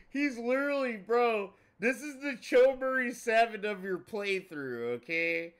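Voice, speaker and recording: A man commenting on a gameplay video in casual, profane chat, excitable and swearing often. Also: extremely high pitch, measured pace, hardly any pauses. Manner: excitable, swears a lot, says bro often. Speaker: streamer reacting to a gameplay video.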